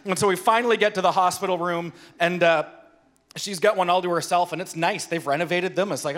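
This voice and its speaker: A man, a pastor preaching a sermon, telling personal stories in an animated, self-deprecating way. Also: sits high, brisk.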